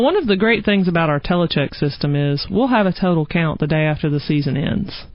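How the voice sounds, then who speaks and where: A woman from Georgia with a Southern accent, a wildlife biologist talking lively in a radio interview. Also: lowish voice, dry recording. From Georgia, USA. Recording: dull dry studio sound.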